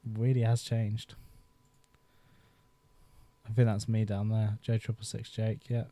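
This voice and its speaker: A YouTube host in his thirties chats casually on a live stream, speaking into a desk microphone in a fairly low, warm, monotone voice at a slow pace. He rambles nostalgically and laughs often as he talks.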